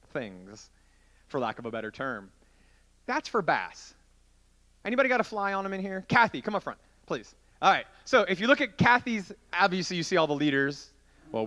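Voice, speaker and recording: A man preaching to a youth group, telling a long story in a chatty, animated way and acting out the scenes as he goes. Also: fairly high pitch. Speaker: youth pastor.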